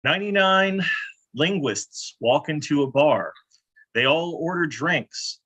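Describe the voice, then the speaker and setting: A man improv player delivering pun jokes in a wry, deadpan way. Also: a little high, takes it slowly, husky, rough recording. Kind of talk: casual joke telling.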